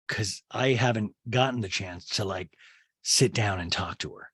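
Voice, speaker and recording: A man hosting a casual comedic recap, chatty and sarcastic, with quick asides. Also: mid-range voice, fairly bright tone, no echo, studio quality. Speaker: podcast host recapping a reality show.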